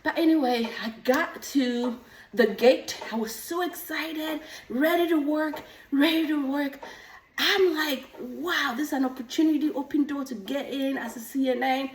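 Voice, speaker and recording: A middle-aged woman, a nurse practitioner and coach, telling stories in a casual vlog, animated and a little out of breath from pedaling an exercise bike. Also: high-pitched, unhurried. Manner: animated storytelling, acts out quoted voices. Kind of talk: casual talking-head vlog. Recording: echoey room, mic at a distance.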